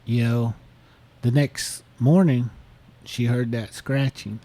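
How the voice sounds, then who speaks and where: A man's voice: mid-range voice, steady tone, takes it slowly, warm tone. A man co-hosting a podcast, casually retelling a listener's story with lots of fillers and restarts. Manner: rambling, many fillers. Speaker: podcast co-host.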